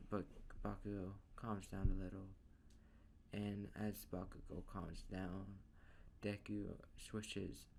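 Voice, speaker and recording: A man casually narrating a fan story in a rambling, drawn-out way. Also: fairly low pitch, vocal fry, slight background noise.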